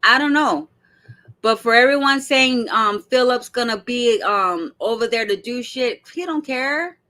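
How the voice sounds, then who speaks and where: A woman hosting casual reaction commentary, talking straight to her viewers in a blunt, animated way and swearing freely. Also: a little high, a little slow. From Arizona. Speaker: commentary host.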